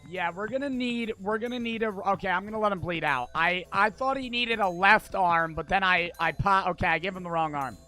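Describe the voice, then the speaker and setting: A man giving frantic gameplay commentary, swearing, talking to himself and breaking into sudden loud outbursts. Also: high-pitched, fairly quick, few pauses, faint music behind. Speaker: gaming streamer.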